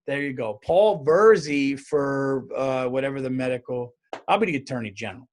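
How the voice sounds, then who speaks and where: A man's voice: medium pitch, a little fast. A man hosting his own podcast, riffing in a loose comedic monologue full of fillers and restarts, with a New York accent.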